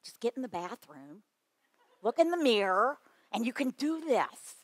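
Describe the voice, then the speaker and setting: A woman presenting a children's ministry workshop at a conference, talking to the audience in a lively, playful way. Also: on the high side, measured pace, no echo.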